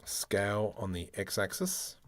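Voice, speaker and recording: A man demonstrating 3D modeling software, thinking aloud in a playful way and muttering keyboard shortcuts and mild exclamations as he works. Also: lowish voice, big pitch swings, a little slow. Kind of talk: screen-recorded software tutorial, thinking aloud.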